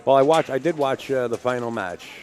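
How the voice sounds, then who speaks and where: A man's voice: mid-range voice, a little fast, darkish tone. A man with a New York accent hosting a pool stream, chatting in a rambling, self-correcting way. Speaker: stream host and commentator. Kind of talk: casual pool commentary.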